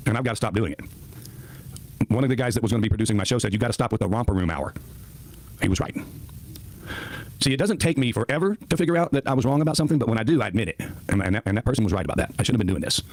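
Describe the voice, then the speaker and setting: A man streaming live, telling a rambling story in a lively, self-justifying way. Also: mid-range voice, racing, low-quality recording. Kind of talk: rambling livestream monologue.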